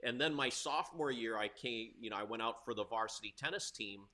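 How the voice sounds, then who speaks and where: A middle-aged tennis coach from Hawaii, appearing as a guest in a storytelling interview, recounts his school years, laughing often and getting loud when the stories turn tense. His voice is mid-range and he talks fairly quickly.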